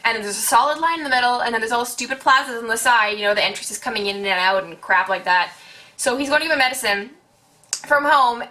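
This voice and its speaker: A young woman from Quebec in her twenties telling a storytime vlog, animated and chatty, swearing freely and acting out what people said. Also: fairly high pitch. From Quebec, Canada. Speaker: vlogger. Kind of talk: casual storytime.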